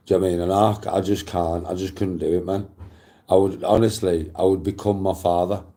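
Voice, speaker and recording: A middle-aged Englishman with a very low, mellow voice, chatting casually. He rambles, swears freely and circles back over his own phrases. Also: level tone, fairly quick. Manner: rambling, profane, repeats himself. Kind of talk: casual storytelling chat.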